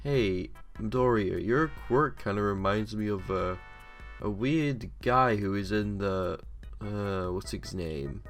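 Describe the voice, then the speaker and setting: A man's voice: fairly low pitch, takes it slowly, soft background music. A man reading a fan story aloud and voicing a playful, teasing teenage girl classmate.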